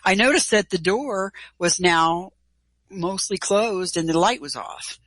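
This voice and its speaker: Middle-aged woman guest, lively storyteller, medium pitch, dry close recording. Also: a little slow, dry recording, poor audio. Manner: lively, animated retelling with quoted dialogue and casual cursing. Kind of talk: personal storytelling in an interview.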